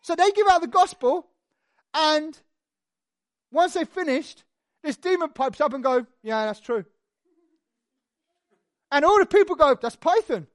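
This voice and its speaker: Animated conversational preacher, dry sound. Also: sits high, moderate pace, long pauses, no room sound. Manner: animated, conversational storytelling with asides. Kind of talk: sermon.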